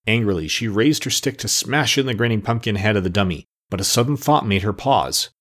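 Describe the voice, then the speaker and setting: Husky, low-voiced male storyteller. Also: brisk, hardly any pauses. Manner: expressive, storytelling. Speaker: narrator. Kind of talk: audiobook narration.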